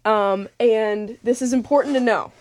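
A woman's voice: a little high, fairly even intonation, measured pace. A young woman rambles into a close studio mic as the late-night radio host. She restarts her sentences often and fills the gaps with ums. The sound is dry, with no room echo. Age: young adult. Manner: rambling, many fillers and restarts.

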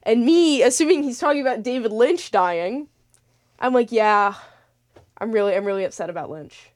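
A woman's voice: on the high side, normal speed, a little mellow, dry recording, studio quality. A young woman hosting a late-night radio show, chatting casually and rambling with lots of fillers and restarts. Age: young adult.

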